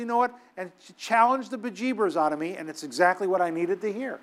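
A man's voice: sits high, a little fast, fairly bright tone. A man preaching a sermon, emphatic and exhorting, scolding his listeners and acting out the people he quotes.

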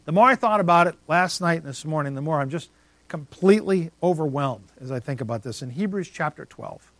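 A man preaching a sermon with emphatic swings in loudness, dropping to a near whisper on key words. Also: fairly high pitch, no room sound. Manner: emphatic, rising and dropping to near silence for effect. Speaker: pastor.

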